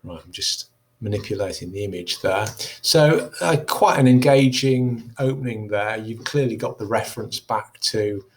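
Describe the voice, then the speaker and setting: A male teacher with a fairly low voice talks students through a model answer. He reads a passage aloud, then breaks it down in a relaxed, explanatory way, with the odd "um" as he thinks. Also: moderate pace, a little hiss or hum. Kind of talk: recorded lesson talk-through.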